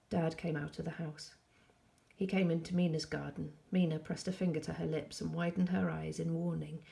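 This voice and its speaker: A woman teacher reading a novel aloud to pupils, calm and measured, with soft asides. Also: deep voice, creaky.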